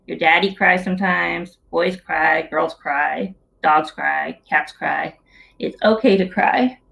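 A woman's voice: medium pitch, vocal fry, fairly bright tone. A woman in her thirties reads a picture book to young children over a video call. She keeps it playful and sing-song, asking the kids questions and cheering them on as she goes. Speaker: children's book author reading aloud. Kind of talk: story hour read-aloud for children.

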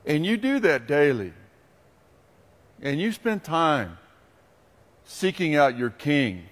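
A pastor preaching a sermon, a man telling stories with animation and then turning quiet and earnest. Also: on the high side, sing-song, takes it slowly, in a large hall.

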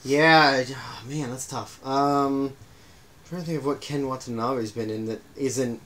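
A man's voice: medium pitch, measured pace, fairly bright tone. A young man co-hosting a casual podcast chat in a laid-back, teasing, wry way. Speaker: podcast co-host.

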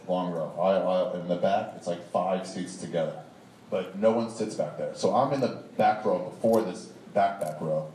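A man's voice: fairly low pitch, moderate pace, gravelly. Profane man telling a story live. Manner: profane, rambling, animated, laughing at own story. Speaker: stand-up storyteller. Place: live show venue with audience. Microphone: distant audience recording. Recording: echoey distant live room recording with noise.

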